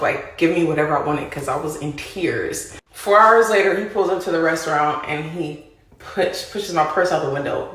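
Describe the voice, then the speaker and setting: Woman telling a story in a roomy echo. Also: deep voice. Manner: animated, addresses listeners as y'all. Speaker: storyteller in a played clip. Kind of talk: casual storytelling to viewers.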